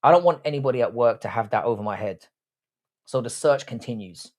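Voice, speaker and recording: Crude, joking livestream host. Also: male voice, mid-range voice, animated, fairly quick, a little mellow. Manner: crude, joking banter, swears freely. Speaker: livestream host reading chat. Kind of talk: casual live chat.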